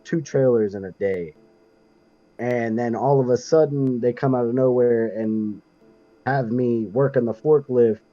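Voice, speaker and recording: A man's voice: mid-range voice, dark tone, no room sound. Give me a man co-hosting a casual podcast, telling a crude, boastful story about work. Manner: crude, boastful, laid-back. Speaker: podcast co-host. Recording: dull, dry, lo-fi sound.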